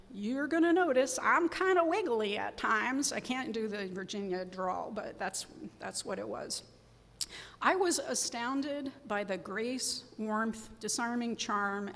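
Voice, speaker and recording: A woman giving a sermon as guest preacher, telling a personal story in an earnest, reflective way. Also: a little high. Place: church sanctuary. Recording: long reverb of a church sanctuary.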